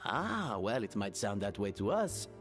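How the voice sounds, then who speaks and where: A man's voice: fairly low pitch, sing-song, unhurried, faint music behind. An actor playing a theatrical adult man in a video game who presides over a formal cooking contest, speaking with a grand, sweeping delivery. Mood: explaining.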